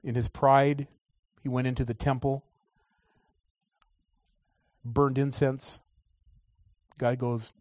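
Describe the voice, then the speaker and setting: A man preaching a sermon, moving between loud, drawn-out emphasis and quiet asides. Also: mid-range voice, flat delivery, dry recording.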